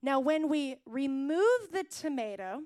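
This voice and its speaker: A woman's voice: sits high, very animated, unhurried, a little mellow. A young adult woman preaching a sermon, emphatic and rousing in places, chatty and playful while she cooks at a kitchen table. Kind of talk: sermon with cooking demonstration.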